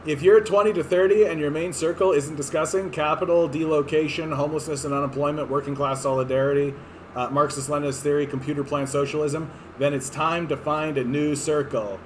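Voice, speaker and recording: His voice sits on the high side, steady in tone and brisk, with a little hiss or hum behind it. A political streamer, this thirty-something Canadian man rambles casually over clips, sarcastic and profane, filling his talk with fillers and restarts.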